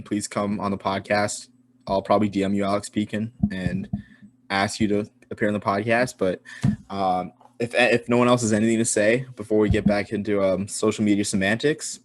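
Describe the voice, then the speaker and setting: A man's voice: on the low side, steady tone, moderate pace. A young man hosting a casual sports podcast, rambling with many fillers and restarts. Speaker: podcast host.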